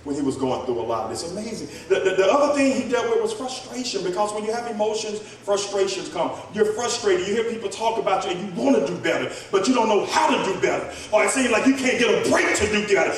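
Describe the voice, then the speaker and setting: A male pastor preaching a sermon, rising into shouts and speaking straight to the congregation. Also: high voice, animated, fast talker, few pauses, some chatter behind, a little hiss or hum. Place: church sanctuary. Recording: echoey church hall from far off, congregation. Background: congregation responding.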